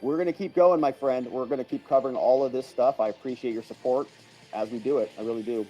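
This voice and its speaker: A man's voice: medium pitch, little pitch movement, fast, mellow, dull audio, faint music behind. A man hosting a casual livestream, chatty and chuckling as he thanks viewers by name and reacts to their comments. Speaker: livestream host.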